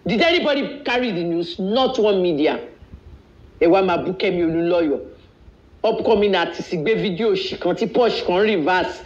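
A man's voice: high voice, animated, brisk. A man from Nigeria hosting a live video, ranting in a blunt, boastful way and switching freely between languages. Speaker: live-stream host. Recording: echoey, dull live-stream audio.

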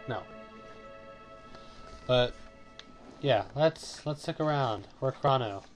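A man talks casually while he plays a video game, rambling from one thought to the next with frequent ums and side remarks. His voice sits at an ordinary middle pitch. He reads the game's text aloud as he goes. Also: slow pace, faint music behind. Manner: rambling, with many fillers and asides. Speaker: let's play host.

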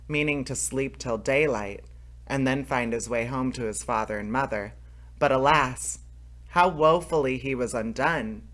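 A man reading a fairy tale aloud as narrator, steady, with small restarts. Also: medium pitch. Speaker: storyteller, channel host.

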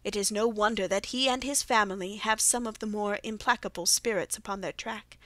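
A woman reading the part of a brilliant, aloof male detective in an audiobook, with a measured, precise delivery. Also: mid-range voice, fairly bright tone, no room sound, close to an everyday voice. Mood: reasoning.

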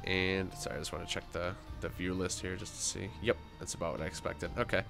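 Young man, game streamer, tired and unwell, chatty with fillers, slightly low voice. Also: flat delivery, fast, gravelly, music in the background. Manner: chatty, reads chat aloud, frequent fillers and restarts. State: sick and tired, croaky voice cracks. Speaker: gaming livestreamer. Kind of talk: casual livestream commentary.

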